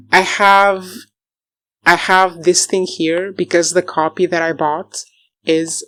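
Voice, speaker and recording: A woman with a slightly low voice chats through her reading pile in a casual book vlog. She is enthusiastic and laughs often, correcting herself mid-sentence as she goes. The sound is dry and close. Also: no echo. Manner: rambling, self-correcting asides. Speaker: book vlogger.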